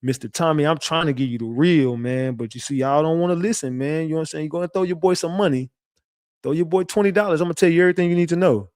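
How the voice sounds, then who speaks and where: A man doing a jittery young man who denies everything and keeps tacking "man" onto his pleas. The voice is pushed up high and sounds tight, and it is dry and close with no room sound. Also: fast, darkish tone, no room sound, close to an everyday voice. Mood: hustling. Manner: evasive, repeats "man", pleading. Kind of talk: mock impression in livestream commentary.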